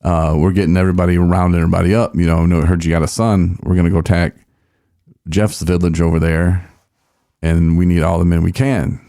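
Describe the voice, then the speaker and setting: A man's voice: deep voice, level tone, brisk, warm tone, dry recording, clean studio sound. A man voicing a brusque samurai leader who rounds up men in an offhand, casual way.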